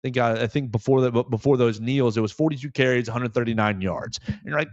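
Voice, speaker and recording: A man hosting a sports talk show, giving solo commentary in an animated way and repeating phrases for emphasis. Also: medium pitch, fast, few pauses, no room sound, highs cut off.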